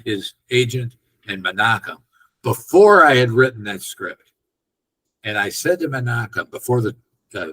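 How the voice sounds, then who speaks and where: An older male film director, appearing as an interview guest, casually tells a long anecdote and animatedly acts out the dialogue of the people in it. His voice is lowish with a breathy edge, and the audio quality is poor.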